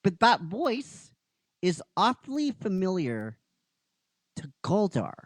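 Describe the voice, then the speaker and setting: Halting, animated male storyteller. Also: high voice, no room sound, low-quality recording. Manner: halting, with restarts, occasional swearing. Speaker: show host. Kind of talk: casual story retelling.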